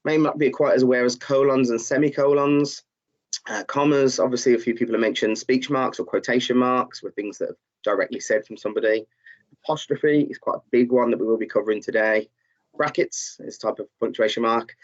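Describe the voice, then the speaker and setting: A man's voice: medium pitch, steady tone, a little fast. A man teaching a live online lesson, encouraging learners and reading out their chat answers, with many fillers. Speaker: tutor. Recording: slightly dull, muffled audio.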